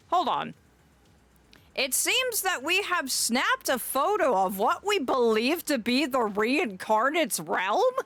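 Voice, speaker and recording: Slightly high and fairly bright, her voice comes through with no room sound at all. She's a young woman hosting a live stream as a fond, dramatic fae who greets chatters as "my dear."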